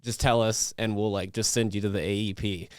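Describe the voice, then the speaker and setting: A young man tells a story on a podcast in a casual, rambling way, full of restarts, fillers and quick laughs. His voice is smooth and clear, recorded close and dry with no room sound. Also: lowish voice, fairly even intonation, no room sound. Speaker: podcast host.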